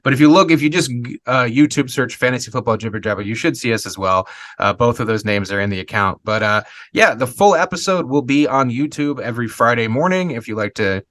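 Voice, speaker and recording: A man with a bright, forward tone talks through football bets casually, stumbling and circling back with lots of fillers. He sounds close to the microphone in a dry, dead room. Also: mid-range voice, animated, fairly quick, dry recording. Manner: loose, rambling, with fillers. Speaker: podcast co-host. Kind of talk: casual sports betting chat.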